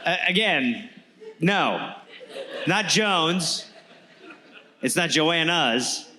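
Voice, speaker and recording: American man, comedy co-host, high voice, teasing quips, noisy live venue recording. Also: animated, bright, forceful tone. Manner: quick, mocking comic reactions, often laughing. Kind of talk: live comedy podcast banter. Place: live stage before an audience.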